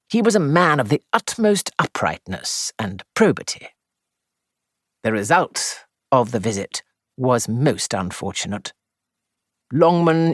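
Brief: male storyteller, expressive rising and falling delivery, dry close-miked sound. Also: mid-range voice, dry recording. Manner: measured, composed first-person storytelling. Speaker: narrator. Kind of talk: audiobook narration.

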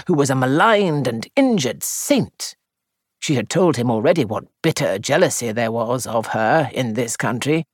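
A man narrating a first-person mystery story in a measured, composed way. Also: on the high side, no room sound, clean studio sound. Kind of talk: audiobook narration.

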